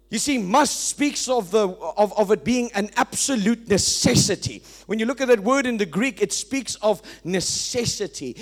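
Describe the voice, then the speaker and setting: Pastor, high voice, emphatic sermon delivery that swells and drops. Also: male voice, expressive, normal speed. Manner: emphatic preaching, swings from loud to quiet.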